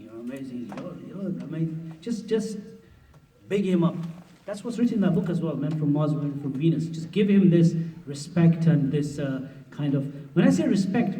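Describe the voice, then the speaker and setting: A man's voice: fairly high pitch, dark tone. Man lecturing in an echoey hall. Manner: conversational and humorous, acting out spouses' voices. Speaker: mufti teaching a marriage workshop. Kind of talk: religious workshop lecture. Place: mosque hall at a conference. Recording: roomy hall, distant mic, dull sound.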